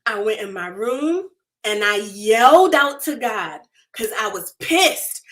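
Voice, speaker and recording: Woman, thirties, somewhat high voice; animated, laughing faith-podcast host who talks to listeners like close friends. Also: slow. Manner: animated and confessional, laughing often, reading chat comments aloud. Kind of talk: casual faith podcast talk.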